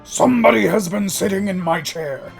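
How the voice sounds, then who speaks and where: A woman voicing a great huge male bear in a rough, gruff voice in a storybook reading. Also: medium pitch, moderate pace, loud music behind the voice, natural voice. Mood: indignant.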